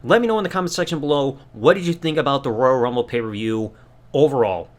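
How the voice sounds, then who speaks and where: A man hosting a solo podcast review, recapping events in an excited, animated way with lots of fillers. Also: mid-range voice, fast talker. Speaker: podcast host.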